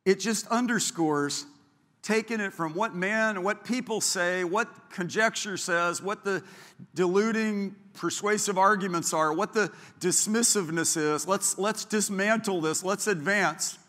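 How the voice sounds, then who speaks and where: A man's voice: high-pitched, a little slow. A male pastor preaching a sermon, telling stories and acting out the people he quotes. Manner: storytelling, acts out quoted people, grows louder and more fervent. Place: church sanctuary. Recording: long hall reverb.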